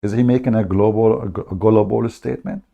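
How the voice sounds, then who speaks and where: A man's voice: fairly low pitch, fairly even intonation, fast, creaky, muffled recording. A man hosting a live stream, talking in a sarcastic, mocking way and often laughing.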